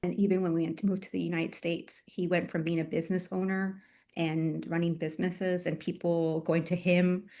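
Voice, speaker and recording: A woman guest and author telling a personal story in an interview, reflective, with many pauses and fillers. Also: lowish voice, level tone, warm tone. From Chile.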